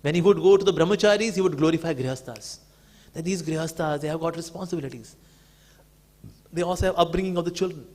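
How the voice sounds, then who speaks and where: A man with an Indian English accent telling devotional stories about his guru in a talk, acting out the dialogue and dropping lower and softer for the guru's lines. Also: fast. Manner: clears throat between stories. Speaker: speaker glorifying his guru.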